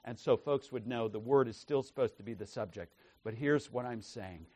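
A man teaching a class, stressing key words and often checking in with his listeners by asking "right?". His volume swings between loud emphasis and soft, drawn-out phrases. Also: medium pitch, husky. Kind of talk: lecture to a class.

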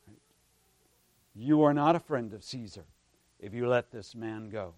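A man preaching a sermon, building to loud emphatic passages and dropping to hushed tones, often checking in with a "right?". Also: mid-range voice, a little slow, no echo. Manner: preaching with swells of emphasis and sudden hushed drops; frequent "right?" asides to the congregation. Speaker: pastor.

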